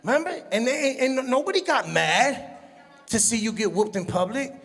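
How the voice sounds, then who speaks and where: High-voiced man doing animated stand-up. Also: normal speed, gravelly. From Puerto Rican heritage. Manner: animated storytelling, acts out his mother with high shrieks. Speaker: stand-up comedian. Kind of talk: stand-up comedy routine. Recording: long reverb of a show hall.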